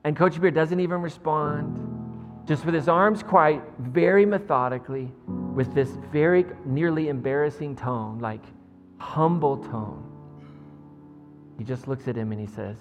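A male pastor preaching a sermon, retelling a story in an animated way with frequent chuckles. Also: a little high, measured pace, muffled recording. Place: church. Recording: long church reverb, faint music.

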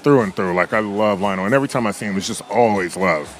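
A man being interviewed, telling stories in a lively way and acting out other people's lines. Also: fast, faint music behind. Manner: animated storyteller, acts out quotes in a higher voice. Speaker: podcast guest. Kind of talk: casual interview chat.

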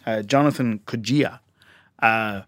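A man's voice: fairly low pitch, takes it slowly, fairly bright tone, no echo. A man from Ireland chats and tells a long story, stopping often on filler sounds and breaking into laughs. The sound is dry and close, with nothing around him. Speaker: podcast host. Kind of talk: casual chat.

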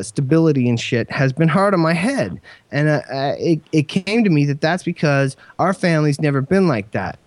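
Male podcast host, slightly high, dry sound; earnest, rambling, profane. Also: a little mellow, dry recording. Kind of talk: casual podcast talk.

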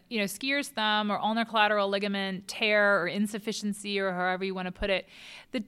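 A woman's voice: mid-range voice, pushed and bright, clear, resonant tone. A woman in her thirties, a hand surgeon, explaining treatment in a relatable, knowledgeable way with frequent fillers. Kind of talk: clinical explanation in an interview.

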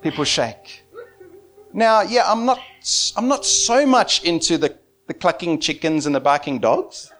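Lively guy preaching, voice sits a bit high, laughs a lot, soft music in the back. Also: a little slow. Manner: animated, laughs often while preaching. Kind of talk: sermon.

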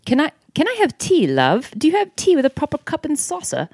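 A woman reading a book aloud, voicing a giddy young woman who talks in a deliberately awful fake British accent. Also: sits high, huge pitch swings, a little mellow, no echo, studio quality, pitched above the performer's own voice, exaggerated voice. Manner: over-the-top, deliberately bad British put-on.

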